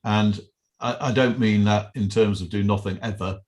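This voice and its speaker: A man's voice: lowish voice, steady tone, normal speed, darkish tone. A middle-aged man, a podcast guest, chatting casually and telling rambling anecdotes with many restarts. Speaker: podcast guest, business owner. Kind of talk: casual interview chat.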